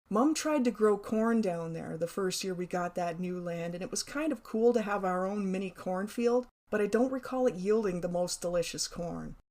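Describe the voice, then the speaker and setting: Woman, middle-aged, memoir reading, wry playful storytelling, mid-pitched voice. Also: a little mellow. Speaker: memoir narrator. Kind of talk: reading a personal memoir aloud.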